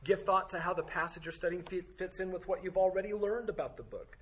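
A man with a high-pitched voice and slightly fast delivery teaches a Bible study group. He fires off strings of rhetorical questions, dropping in the occasional joke.

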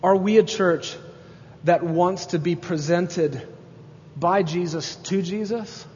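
A man's voice: high-pitched, slow, a little mellow, a little hiss or hum. A pastor preaching a sermon with emphasis, building to exclamations as he makes his points. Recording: dull sound with long hall reverb.

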